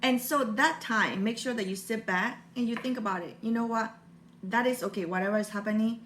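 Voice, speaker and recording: A woman's voice: fairly high pitch, brisk, fairly bright tone, a little hiss or hum. A woman in her forties from Burma with a Burmese accent, giving an earnest, heartfelt motivational talk in non-native English. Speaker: motivational vlogger.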